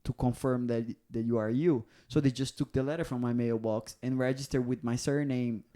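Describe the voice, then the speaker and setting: With a mid-range voice at normal speed, a man with a Brazilian accent chats casually on a podcast he co-hosts as a comedian. He tells stories animatedly and acts out what the people in them said.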